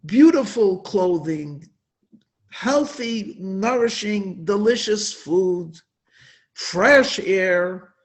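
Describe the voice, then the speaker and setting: A man giving an inspirational religious talk at a Hasidic gathering, telling stories with emphatic, drawn-out stresses. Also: high-pitched.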